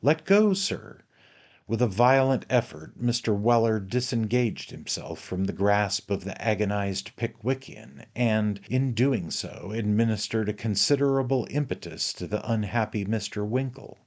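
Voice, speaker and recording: In a measured storytelling style, a male audiobook narrator reads from a classic novel. His voice is fairly low and a little mellow.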